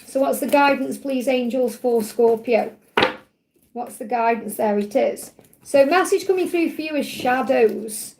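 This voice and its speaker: A woman with a croaky voice giving a live tarot reading in a soothing, reassuring way. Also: a little high, unhurried, background noise. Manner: soothing, reassuring, repeats key phrases. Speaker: tarot reader.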